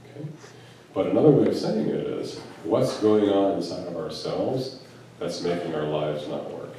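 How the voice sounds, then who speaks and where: Here a low, mellow male voice moves at a moderate pace as he delivers a spiritual talk to an audience. He's an American spiritual teacher who is also a physician, and he tells stories using quoted dialogue and rhetorical questions. The sound is distant and echoey, taken in a large event room with a faint hum of background noise.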